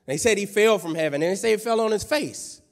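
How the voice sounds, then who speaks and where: A man preaches in a church sanctuary with a slightly high voice, talking loosely and playfully and firing off rhetorical questions at the congregation. His voice rings out with a long hall reverb behind it. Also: animated, quick pace. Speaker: pastor. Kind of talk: sermon.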